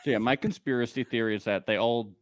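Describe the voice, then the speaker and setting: A man's voice: mid-range voice, fast, no echo, studio quality. A man co-hosting a casual reality TV recap podcast, joking, laughing often and acting out quotes. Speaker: podcast co-host.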